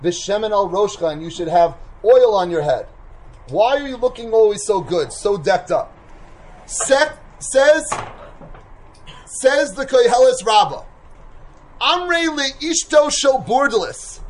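A man with a high voice gives a Torah lecture as a yeshiva mashgiach. He is animated, pushing hard on key points and then dropping into quiet asides. Hebrew and Yiddish terms run all through his talk. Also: unhurried, slight background noise. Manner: animated, swings from loud emphasis to soft asides.

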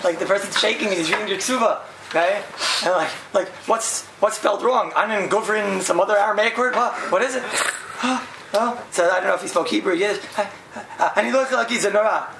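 Gravelly guy spinning a story, laughs a lot, keeps asking "right?", noisy background. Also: high voice, fast. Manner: lively, laughing, acts out voices, frequent "right?". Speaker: speaker telling a story to a group. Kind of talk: animated storytelling talk.

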